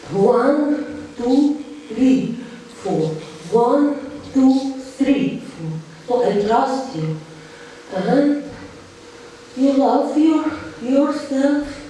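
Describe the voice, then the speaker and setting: Slow-counting woman dance teacher, echoey. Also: fairly high pitch, warm tone, slight background noise. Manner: counts beats aloud, explains song lyrics. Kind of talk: dance tutorial, counting steps. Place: dance studio. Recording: echoey room, mic far off.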